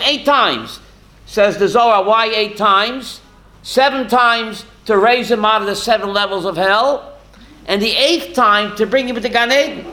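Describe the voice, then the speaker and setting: A man's voice: sits high, sharp tone. A rabbi teaching a class, asking questions to his students and answering them himself, with Hebrew and Yiddish terms worked into his talk. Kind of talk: Torah class.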